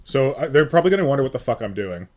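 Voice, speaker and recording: A man's voice: medium pitch, very animated, rapid-fire, a little mellow. A man hosting a casual live stream, joking and reading out viewers' names. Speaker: stream host.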